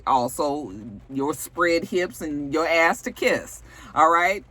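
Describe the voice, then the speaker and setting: A woman doing a deliberately bad New York accent as a chummy, advice-giving talk-show host. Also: deep voice, bright, forceful tone, exaggerated voice. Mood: coaxing. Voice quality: exaggerated, self-admittedly bad put-on accent.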